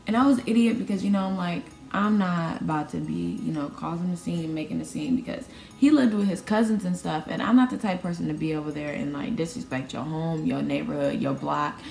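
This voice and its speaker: A woman's voice: deep voice, a little fast, creaky, soft background music. Slangy young woman in echoey room. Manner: animated, slangy, acts out quoted dialogue. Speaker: vlogger telling a personal story. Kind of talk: casual storytime. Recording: roomy echo.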